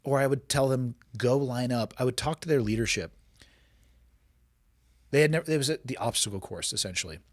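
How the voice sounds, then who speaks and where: A man's voice: medium pitch, a little fast, long pauses, no echo, studio quality. A man in his forties hosting a podcast, talking bluntly and wryly with plenty of profanity in casual chat. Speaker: podcast host.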